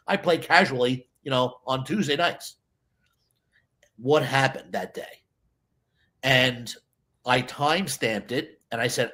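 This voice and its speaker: A man, a stage hypnotist, chatting in a casual interview and telling lively stories, acting out other people's voices. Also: medium pitch. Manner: animated storyteller, acts out voices.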